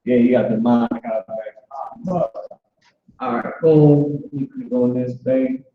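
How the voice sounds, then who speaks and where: A man teaching an informal online language class, talking loosely with many restarts and filler words like "boom". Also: steady tone, takes it slowly. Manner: loose, conversational, repeats "boom" and restarts often. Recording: echoey, dull online call audio.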